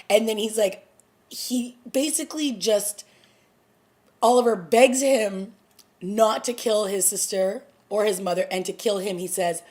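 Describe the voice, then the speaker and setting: A woman excitedly reviewing a TV episode in a casual vlog, stumbling over her words as she retells the scenes. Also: on the high side, moderate pace. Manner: gushing and breathless, stumbling restarts.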